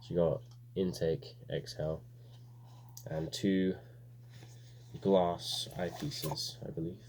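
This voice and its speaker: A man with a low voice talks his way through an unboxing. His commentary is casual and rambling and full of little fillers. The tone is dark and mellow, with a faint hiss behind it. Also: slow pace. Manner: relaxed, rambling, many fillers. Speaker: vlogger reviewing a gas mask.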